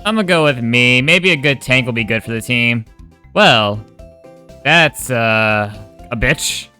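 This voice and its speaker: A man casually commenting on his own video game run, wry and quick to swear. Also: mid-range voice, lively intonation, bright, forceful tone, clear, resonant tone, faint music behind. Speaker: gaming YouTuber.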